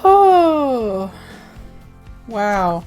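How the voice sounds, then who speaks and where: A woman vlogger shares zines from her mail in casual chat, bubbly and gushing with frequent giggles. Her voice is a little high and darkish in tone, sing-song with drawn-out words, and faint music plays behind her.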